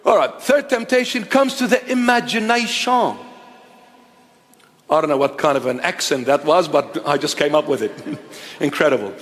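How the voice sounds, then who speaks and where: A man in his fifties preaching a sermon in a high voice, slow and emphatic, returning to his key lines again and again. His words ring out in a long hall echo. Faint music sits beneath him. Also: lively intonation, a bit bright.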